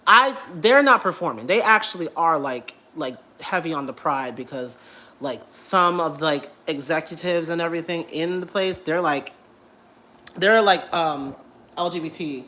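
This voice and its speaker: A young man vlogging from home in a casual rant, animated and blunt, repeating himself and swearing freely. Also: a little high, moderate pace. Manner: animated, repetitive, blunt and profane.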